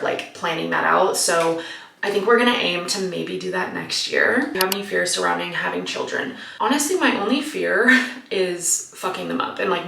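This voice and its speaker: Woman, late 20s, chatty vlog Q&A, gravelly edge, a bit off-mic in a roomy space. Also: lowish voice, fairly bright tone, recorded from a distance, a little hiss or hum. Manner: chatty, uses "like" often, laughs easily. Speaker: vlogger answering viewer questions. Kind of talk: casual Q&A chat.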